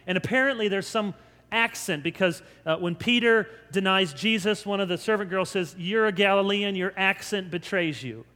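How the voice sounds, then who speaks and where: An American pastor delivers an animated sermon. His voice sits high for a man, and he jumps into quick voiced asides for the crowd. A long reverb trails his words through the hall. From United States. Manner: animated storytelling preacher, acts out crowd voices.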